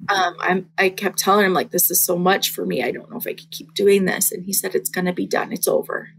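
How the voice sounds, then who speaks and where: A young woman sharing a personal faith testimony in casual conversation, earnest and halting, with many fillers. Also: on the low side, steady tone, gravelly, a little hiss or hum, rough recording.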